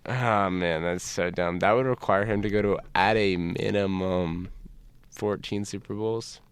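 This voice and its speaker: A man's voice: deep voice, fairly even intonation, measured pace, smooth, dry recording. Wry, mock-exasperated male co-host. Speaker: morning show co-host. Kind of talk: casual banter.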